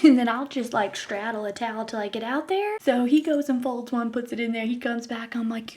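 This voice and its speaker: A woman's voice: a little high, big pitch swings, brisk. A woman in her thirties telling a comedic personal story to her viewers in a playful way, laughing often. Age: 30s. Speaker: vlogger.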